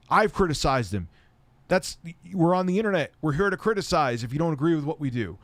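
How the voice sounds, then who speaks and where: A man's voice: on the high side, sing-song, brisk, fairly bright tone, no echo. Blunt, profane man on a dry mic. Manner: blunt, rambling, heated and profane. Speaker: tech YouTuber answering viewer questions. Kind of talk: casual live-stream chat.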